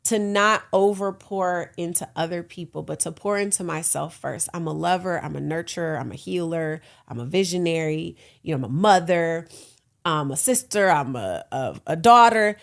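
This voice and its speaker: Woman in her thirties, podcast host, gravelly, lowish voice, frank and playful. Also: normal speed. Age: 30s. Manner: frank, playful, affirming, laughs often. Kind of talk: casual solo podcast talk.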